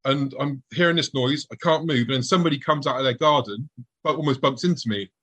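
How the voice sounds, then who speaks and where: A middle-aged man tells an audience a tense personal story, acting out his past thoughts in a hushed voice. He talks fast at a medium pitch, and the recording quality is low.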